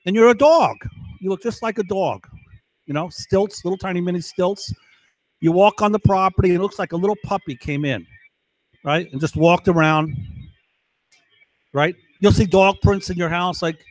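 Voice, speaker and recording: Rambling man with a high voice, agitated and profane, dry close sound. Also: normal speed, pauses often, darkish tone, dry recording, low-quality recording. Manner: keeps asking "right?". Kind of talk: rambling monologue to camera.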